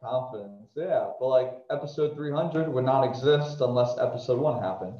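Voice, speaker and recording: A man from New Jersey, an author guesting on a podcast, talking casually in a smooth voice with a rambling, reflective manner and many restarts. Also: medium pitch, normal speed, reverberant, muffled recording. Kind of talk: casual conversation.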